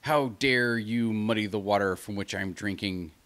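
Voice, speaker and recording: A man's voice: on the low side, moderate pace, fairly bright tone, natural voice. A man playing a greedy bullying wolf. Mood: scheming. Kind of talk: storybook reading.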